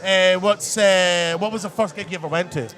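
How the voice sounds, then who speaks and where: A man hosting a casual podcast interview, excitable and rambling, swearing freely. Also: sits high, normal speed. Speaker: podcast host.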